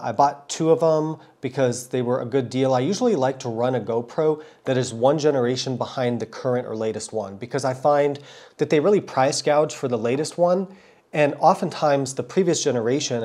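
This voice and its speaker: A man's voice: mid-range voice, darkish tone. A man with a cold, hosting his own motorcycle vlog and giving a friendly, thorough explanation of how he films, often doubling words for stress. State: has a cold. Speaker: motorcycle vlogger. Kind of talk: casual explanatory vlog talk.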